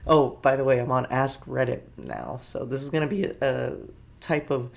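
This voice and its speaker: A man's voice: medium pitch, animated, moderate pace, gravelly. Jokey, rambling male podcast host. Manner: jokey, rambling, offhand asides. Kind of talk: casual comedic news commentary.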